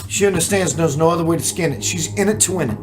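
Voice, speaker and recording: Hosting a live stream, a spiritual teacher muses slowly in a mid-range voice, asking lots of rhetorical questions and reading the viewers' chat comments out loud.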